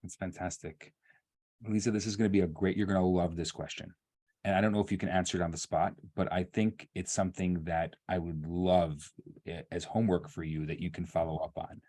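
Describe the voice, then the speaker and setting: A man's voice: low-pitched, fairly even intonation, fairly quick, mellow. A man co-hosting an online workshop, reading audience questions aloud and praising the answers. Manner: enthusiastic, praising. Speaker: rabbi and workshop co-host.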